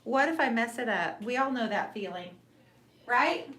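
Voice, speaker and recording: A middle-aged woman hosting a live painting show, chatting warmly and encouraging viewers, calling them sister and honey. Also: fairly high pitch, animated, normal speed. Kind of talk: live painting stream chat. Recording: echoey room with faint noise.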